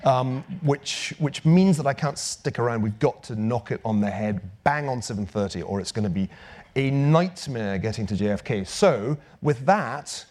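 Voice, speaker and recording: A man's voice: medium pitch, moderate pace. Male speaker at a lectern; wry, emphatic, voice rising and falling a lot. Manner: dry wit, lively emphatic delivery. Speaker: lecturer. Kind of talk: public lecture and Q&A.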